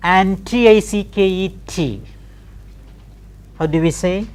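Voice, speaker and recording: A middle-aged woman with a medium-pitched, somewhat mellow voice slowly teaches pronunciation in a recorded classroom lesson, spelling words letter by letter and carefully repeating them.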